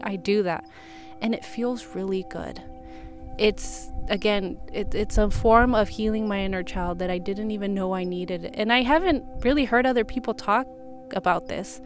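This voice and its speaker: A young woman talks softly and reflectively in a casual vlog, her voice sitting a little high for a woman. She slips into a soothing, gentle tone. Faint music plays under her. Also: normal speed. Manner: gentle, reflective, soothing when quoting self-talk. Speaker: vlogger. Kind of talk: casual self-help talk to camera.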